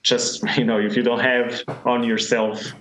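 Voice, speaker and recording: A man's voice: mid-range voice, flat delivery, a little slow, a bit bright, a little hiss or hum. Hesitant Portuguese man in an echoey room. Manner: hesitant, hedging, many fillers. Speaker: podcast guest. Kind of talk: casual chat.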